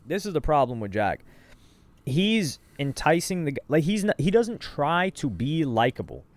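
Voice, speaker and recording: A man's voice: a little high, sing-song, normal speed, noisy background. A young man co-hosting a casual reaction show, telling the backstory in loose slang with lots of asides. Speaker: co-host reacting to streamer clips.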